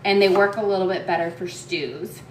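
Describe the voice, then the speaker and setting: A woman's voice: fairly low pitch, moderate pace, slight background noise. Chatty woman cooking at home. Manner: chatty, instructional, sidetracked into anecdotes. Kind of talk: casual cooking demonstration. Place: home kitchen.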